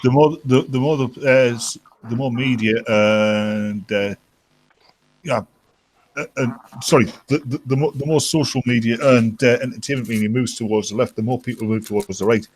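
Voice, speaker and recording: A man in casual stream chat, talking in halting starts with many restarts. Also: medium pitch, a little mellow.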